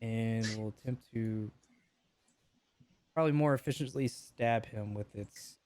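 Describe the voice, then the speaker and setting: A young man running a tabletop game as game master, relaxed and hesitant, with many fillers. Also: fairly low pitch, a little slow.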